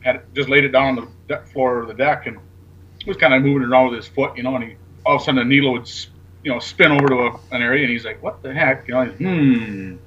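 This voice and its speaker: A man's voice: medium pitch, quick pace, fairly bright tone, highs cut off, slight background noise. A man, a talk show guest, telling a rambling story in casual chat and acting out the lines of the people in it. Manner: rambling, acts out quoted dialogue, swears casually.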